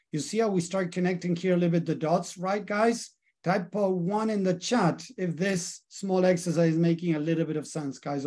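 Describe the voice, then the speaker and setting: A middle-aged man, a life coach, leading a live online training and calling out to his audience often. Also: fairly high pitch. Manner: lively, addresses audience as guys often.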